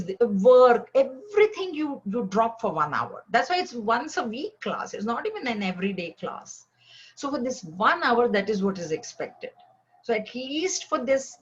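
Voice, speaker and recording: Woman, scripture class teacher, storytelling lecture, medium pitch, dull lo-fi sound. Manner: storytelling with animated acted quotes. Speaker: spiritual teacher.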